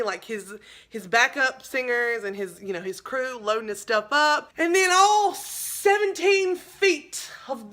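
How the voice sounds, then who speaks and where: A young woman tells a storytime to her viewers. Her voice sits high and bright, and she talks in a chatty, dramatic way, calling her audience y'all. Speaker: vlogger. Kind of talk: storytime vlog.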